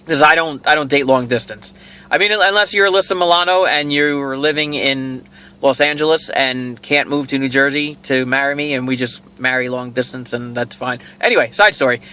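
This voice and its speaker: A man's voice: medium pitch, normal speed, clean tone. A middle-aged man hosting a casual video, rambling through a personal story and acting out what each person said. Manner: rambling, animated, acts out quoted dialogue. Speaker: toy show host.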